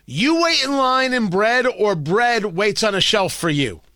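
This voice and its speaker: A man's voice: high-pitched, expressive, a little slow, sharp tone, no echo, clean studio sound. A male talk radio host delivering a sarcastic, ranting opinion monologue.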